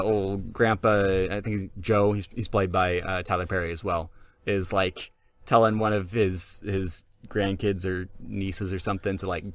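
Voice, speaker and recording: A man co-hosting a casual podcast chat, animated and laughing often as he talks. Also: lowish voice, dry recording. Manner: animated, laughs while talking. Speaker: podcast co-host.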